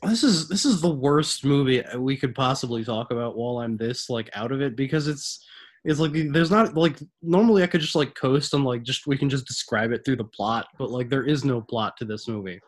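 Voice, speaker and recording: A man co-hosting a podcast while sick, his voice husky and congested, talking in a groggy, grumbling, halting way. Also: mid-range voice, expressive. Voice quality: husky from illness. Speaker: podcast co-host. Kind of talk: casual chat.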